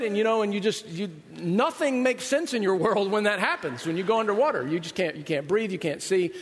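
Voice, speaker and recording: A man's voice: sits high, animated, brisk, few pauses, a little hiss or hum. Man preaching with casual, joking stories. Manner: conversational storytelling, self-deprecating humor. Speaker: pastor. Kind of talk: sermon. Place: large church hall. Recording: long reverb of a large hall.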